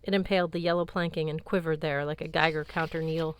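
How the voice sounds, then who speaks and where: A woman narrating an audiobook in a measured, even tone, recorded close on a studio mic. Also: low voice, smooth. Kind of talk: scripted narration.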